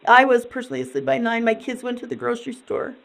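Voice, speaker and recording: Poor audio captures a woman in a police interview, dazed and distressed, her high voice full of fry yet level in tone. She stops and starts, rambles, and repeats herself.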